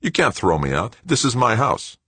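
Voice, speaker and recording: A deep-voiced male narrator voicing a sullen young man whose voice climbs high and whiny when he is thrown out. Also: very animated, a little fast, bright, forceful tone, husky, no echo, heavily acted. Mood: aggrieved. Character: young adult man, sullen, petulant son.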